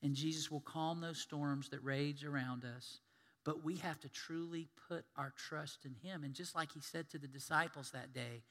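A male pastor preaching a sermon, telling stories and swinging from loud emphasis to hushed tones. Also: on the high side, steady tone, normal speed, in a large hall.

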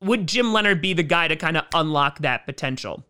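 Chatty man with a bright voice. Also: a little high, animated, fairly quick, clean tone. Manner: opinionated and chatty. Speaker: sports commentary host. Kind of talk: casual fan commentary.

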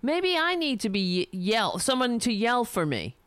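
A woman's voice: a little high, big pitch swings, moderate pace, fairly bright tone, clean tone, no echo. A woman delivering a heated, sarcastic, profane political rant, speaking for herself. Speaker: political commentator.

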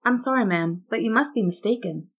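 Casting: polite, guarded man, soft-spoken, voiced by a female reader. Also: fairly high pitch, a little fast, pitched above the performer's own voice, lightly acted.

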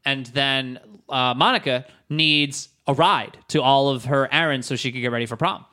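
A man's voice: mid-range voice, steady tone, moderate pace, sharp tone. A man co-hosting a casual comedy podcast, reviewing a movie with friends, joking and laughing often. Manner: jokey, laughs often, acts out quotes. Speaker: podcast co-host.

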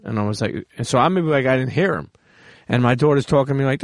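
A man hosting a podcast, telling stories in a lively, profane way in casual interview chat. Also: mid-range voice, quick pace, dry recording, clean studio sound. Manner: animated, profane storytelling. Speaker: podcast host.

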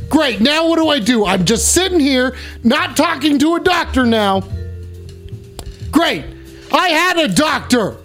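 A brash male streamer whose pitch swings all over as he riffs with callers. He swears freely and jumps from mock calm to yelling in a breath, with faint music underneath. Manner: loud, profane, jumps to yelling. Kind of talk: crude comedic live-stream chat.

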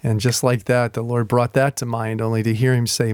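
A man preaching as a pastor, telling a personal story in a slow, reflective way and reading scripture aloud slowly. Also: mid-range voice, level tone, a little mellow, smooth, dry recording. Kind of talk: sermon.

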